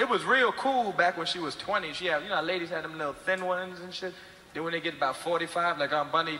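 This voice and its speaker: A man's voice: on the high side, bright, forceful tone. A man doing stand-up comedy, telling profane family stories in a casual way. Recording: echoey noisy hall recording.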